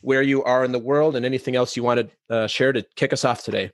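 A man's voice: medium pitch, fairly even intonation, quick pace, no room sound, clean studio sound. A man from Minnesota hosting a casual podcast, joking and self-deprecating in a chatty way. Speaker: podcast host.

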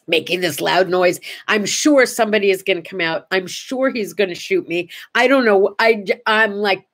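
A woman hosting a casual morning vlog, telling a story in an animated way and acting out the dialogue. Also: medium pitch. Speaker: host.

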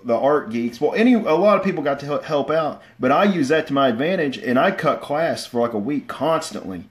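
A man's voice: fairly high pitch, lively intonation, brisk. Rambling man telling stories. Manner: rambling, self-deprecating, many fillers and restarts; bursts into loud shouts when acting out stories. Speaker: vlogger. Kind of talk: casual storytelling livestream.

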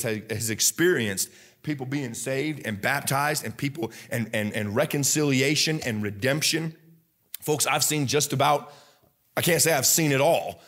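A pastor preaching a sermon with a Midwestern American accent, shifting from low earnest talk to loud fervent bursts, often halting and restarting. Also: male voice. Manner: halting, many restarts and fillers.

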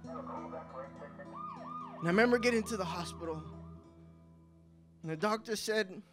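At a coffee house, with music in the background, a young man delivers his spoken testimony at a measured pace. He tells his story with deep feeling, his voice lifting when things get tense and sinking when they turn sad.

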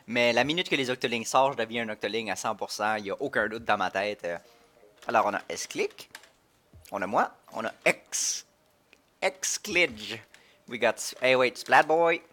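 A man streaming a video game live, chatting playfully and excitedly. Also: mid-range voice, normal speed. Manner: playful, excitable, switching between English and French. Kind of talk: casual live-stream commentary.

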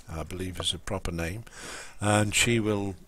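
A man's voice: low voice, moderate pace, noisy background. A man chatting casually and rambling while he plays a game on a live stream. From England. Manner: rambling, full of ums and restarts.

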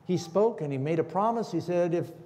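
A man's voice: high-pitched, animated, fairly quick, warm tone. A man preaching a sermon in a church and asking the congregation questions. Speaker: pastor. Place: church hall. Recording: echoey church hall.

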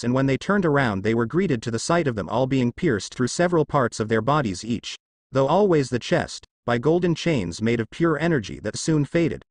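A man narrating a fanfic story in a steady storytelling way. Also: mid-range voice, no echo, clean studio sound. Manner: steady storytelling, lively intonation. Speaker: reader.

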